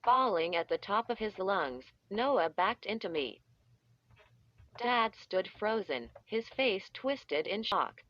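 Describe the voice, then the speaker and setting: A woman narrates a children's story slowly and deliberately, drawing out each sound effect. Her voice sits at a middle pitch, and the recording is dry and a little muffled. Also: lively intonation, a bit bright, dry recording. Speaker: audiobook reader. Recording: dull, slightly muffled audio.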